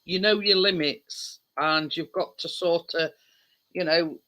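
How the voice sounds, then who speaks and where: A woman's voice: fairly low pitch, slow, a bit bright. A woman hosting a casual livestream, chatting with viewers in a rambling way with lots of fillers. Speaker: livestream host.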